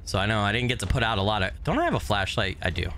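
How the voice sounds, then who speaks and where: Chatty male streamer, slightly hoarse. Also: fairly low pitch, big pitch swings, very fast, fairly bright tone, slight background noise. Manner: chatty, greets chat by name, swears casually. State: voice still recovering, slightly hoarse. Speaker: gaming streamer. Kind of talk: casual live-stream commentary.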